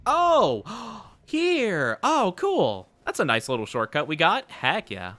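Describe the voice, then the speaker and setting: With huge pitch swings and a slow, sharp delivery, a man on the high side streams a video game as a VTuber. He jokes with his viewers in relaxed commentary, frequently breaking into laughter.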